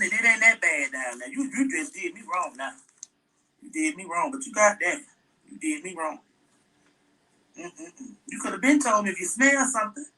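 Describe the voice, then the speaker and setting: A man's voice: sits high, sharp tone, distant mic, heavily acted, rough recording. A man playing a fussy middle-aged single mom who rambles on to her viewers while doing her daughter's hair in a comedy skit. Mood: defensive. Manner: rambling, chatty, talks to viewers.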